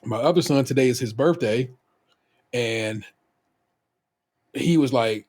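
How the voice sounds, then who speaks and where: A man's voice: mid-range voice, takes it slowly, a little mellow, husky. A middle-aged man co-hosting a podcast, telling stories about his family in a loose, rambling way with frequent restarts and casual swearing. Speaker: podcast co-host.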